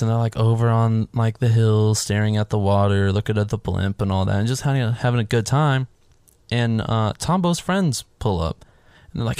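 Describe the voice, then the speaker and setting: Low-voiced man recapping a movie casually. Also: smooth, dry recording. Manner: animated storytelling, swears freely, acts out his own reactions. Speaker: podcast co-host recapping a film. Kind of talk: casual chat.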